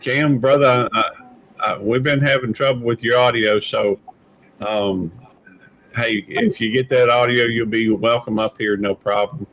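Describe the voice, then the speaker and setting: A man's voice: mid-range voice, fairly even intonation, unhurried, a bit bright, poor audio. A man from Mississippi, hosting a live stream in an easygoing, rambling way and calling people brother. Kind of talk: casual live stream chat.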